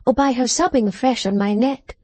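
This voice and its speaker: A woman narrating a classic novel as an audiobook in a measured, even manner. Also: on the high side, dry recording. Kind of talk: scripted narration.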